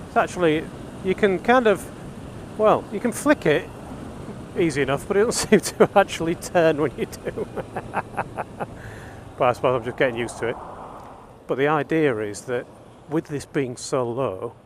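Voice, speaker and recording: Bloke vlogging from his motorbike, rambly and self-mocking, slightly high voice, bit of hiss behind. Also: moderate pace, pauses often. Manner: self-deprecating and rambling, laughs often. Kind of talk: casual chat while riding. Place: outdoors on a motorbike.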